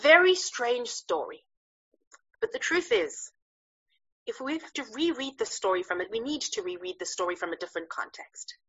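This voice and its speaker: Forceful husky woman teaching with gusto. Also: on the high side, moderate pace, dull audio. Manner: lively, chatty, hesitant with fillers. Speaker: Bible teacher. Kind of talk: animated storytelling lesson.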